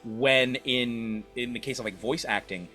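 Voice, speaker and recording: A man in casual podcast chat, speaking earnestly and haltingly, often restarting his sentences. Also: medium pitch, sharp tone, soft background music.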